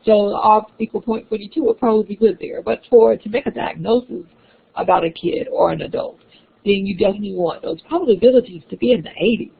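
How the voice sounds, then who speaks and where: Gravelly woman lecturing over a tinny line. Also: medium pitch, fast. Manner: explanatory, with frequent restarts and fillers. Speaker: instructor. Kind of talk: classroom lecture. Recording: tinny phone-like lecture recording.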